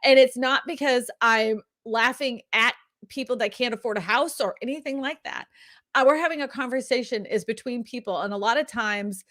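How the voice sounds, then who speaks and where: A woman's voice: fairly high pitch, moderate pace, fairly bright tone. Laughy, chatty woman live-streaming. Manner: laughs often, upbeat and chatty; filler-heavy, restarts often. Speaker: real estate live stream host. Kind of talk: casual live stream chat.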